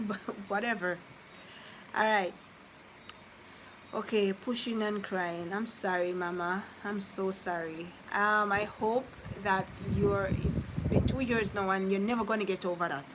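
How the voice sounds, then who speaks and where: A woman's voice: mid-range voice, fairly even intonation, a little slow, poor audio. A woman chatting casually with viewers on a live stream, consoling some and teasing others. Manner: chatty, consoling then teasing, drifts between topics. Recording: noticeable background noise.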